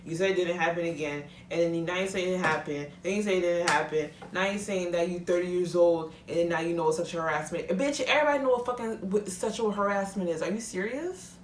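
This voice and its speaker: A woman's voice: fairly low pitch, quick pace, few pauses, slight background noise. A young woman vlogger in a casual, heated rant, talking bluntly and swearing freely. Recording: echoey room, mic at a distance.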